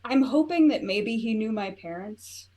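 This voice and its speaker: A woman at a tabletop game talks through what her character does, playful and chatty. Her voice sits a bit higher than average. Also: animated, unhurried, a little mellow. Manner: playful, narrating her actions with laughs. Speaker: player.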